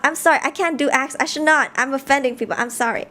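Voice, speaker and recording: A woman live-streaming a game, reading the story text aloud and chatting with viewers in an animated way. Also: fairly high pitch, fast, hardly any pauses, a little hiss or hum. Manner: animated, chatty, reads narration aloud between chat replies.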